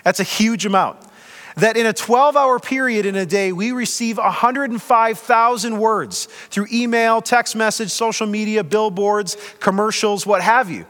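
A man's voice: sits high, moderate pace, fairly bright tone, in a large hall. A man preaching a sermon as pastor, in a conversational way with light humor.

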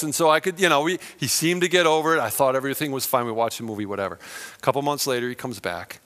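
A man's voice: medium pitch, expressive, brisk, a bit bright. Man preaching in a reverberant hall. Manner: conversational, self-deprecating storytelling with acted-out quotes. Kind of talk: sermon with storytelling.

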